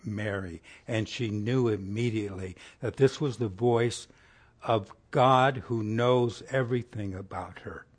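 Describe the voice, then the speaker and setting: A man preaching a conversational sermon in a folksy way, asking his listeners rhetorical questions and sinking to a soft, hushed tone for tender passages. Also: on the low side, measured pace.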